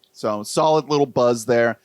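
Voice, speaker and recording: A podcast co-host chatting casually, explaining things in an unhurried, playful way. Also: mid-range voice, a little mellow, dry recording. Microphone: studio podcast mic.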